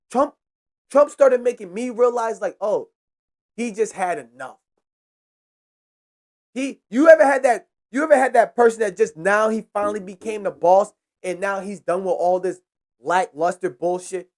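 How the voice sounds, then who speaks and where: A man's voice: sits high, fairly quick. A young man hosting a podcast, ranting in a heated, profane way and repeating himself for emphasis. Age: young adult. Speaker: podcast host. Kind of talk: casual ranting monologue.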